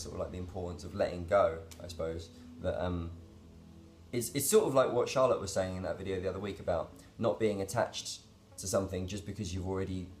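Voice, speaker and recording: A man with a lowish voice talks to camera in a casual daily vlog. He rambles and reflects, full of fillers and restarts. Faint noise hums behind him. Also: darkish tone. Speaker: vlogger.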